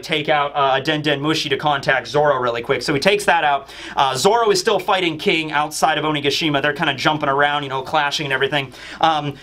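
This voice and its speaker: A man's voice: a little high, pushed and bright. A man casually retelling a manga chapter, rambling and full of fillers. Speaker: manga reviewer, channel host. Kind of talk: casual recap commentary.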